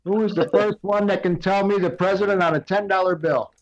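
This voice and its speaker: A man's voice: high-pitched, steady tone, fairly quick, dull audio. An older man telling rambling stories and quiz questions on a casual podcast over a video call, full of fillers. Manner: rambling storyteller with many fillers. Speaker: recurring guest segment host.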